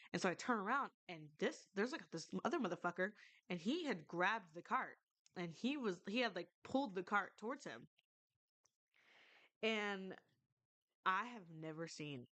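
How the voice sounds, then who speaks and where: A woman's voice: lowish voice, a bit bright. Rambling young woman telling a story. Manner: rambling, filler-heavy, swears freely. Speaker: streamer. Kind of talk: casual storytelling.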